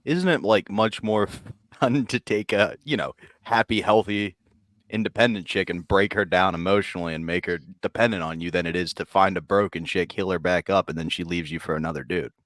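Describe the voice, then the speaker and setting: A man with a lowish voice co-hosts a comedy podcast, firing off wry, provocative questions. His voice sounds close and dry, with no room around it. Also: a little fast, fairly bright tone, no echo. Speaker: podcast co-host. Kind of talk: casual comedy chat.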